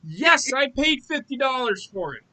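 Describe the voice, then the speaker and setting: A man's voice: very high-pitched, very animated, moderate pace, over a noisy crowd. A man co-hosting a sports podcast, ranting with heavy profanity in a casual chat. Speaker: podcast co-host.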